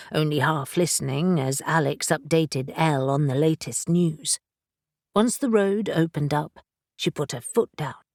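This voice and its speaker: A woman narrating an audiobook with a lowish voice and an unhurried, measured delivery. The sound is close and dry, with no room around it. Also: vocal fry, a little mellow, no echo.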